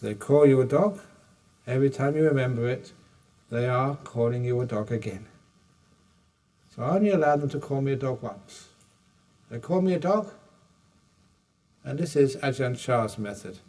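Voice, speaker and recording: A man's voice: mid-range voice, normal speed, long pauses, warm tone, far from the mic. An older man giving a meditation teacher's dharma talk, answering retreat questions with humor and acted-out dialogue. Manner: humorous storytelling, acts out dialogue. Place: retreat hall.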